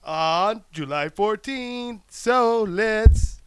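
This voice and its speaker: A young man hosting a podcast as a stand-up comic, talking in a profane, excitable, rambling way full of restarts into a handheld mic. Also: high-pitched, extremely slow, smooth, no room sound. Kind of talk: casual rambling podcast chat. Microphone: handheld microphone plugged into a computer.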